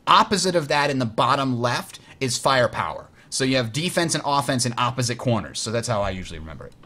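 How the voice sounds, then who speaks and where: A man hosting a board game tutorial, explaining rules in a chatty way and muttering while he works the software. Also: medium pitch, expressive, fast, slight background noise. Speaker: host teaching a board game. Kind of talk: casual tutorial over online play.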